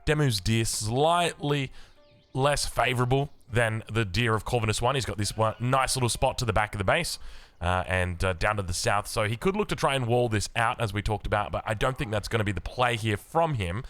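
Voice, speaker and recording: An Australian man commentates a strategy game with upbeat, chatty energy. His voice is bright and forceful, with a slight early-morning roughness. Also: lowish voice, a little fast. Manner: upbeat, chatty, with casual fillers. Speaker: game caster. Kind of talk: esports play-by-play commentary.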